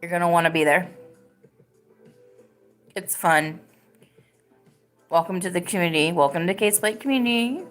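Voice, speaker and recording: A woman's voice: fairly low pitch, moderate pace, long pauses, fairly bright tone, faint music behind. A woman hosting a live podcast, chatting casually and rambling with lots of "like"s. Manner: rambling, filler-heavy talk with many "like"s. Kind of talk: casual live-stream chat.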